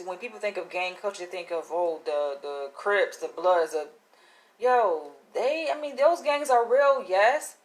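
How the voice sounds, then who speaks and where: A woman's voice: medium pitch, a bit bright. A woman from the United States vlogging casually to her small audience. She speaks with a slangy, emphatic, profane delivery, pressing her points in a conspiratorial tone. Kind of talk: casual monologue to camera.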